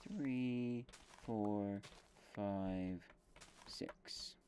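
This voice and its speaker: A man's voice: fairly low pitch, drawn-out words, warm tone, slight background noise. A man casually commentating his game stream, thinking aloud with fillers and self-corrections while chewing gum.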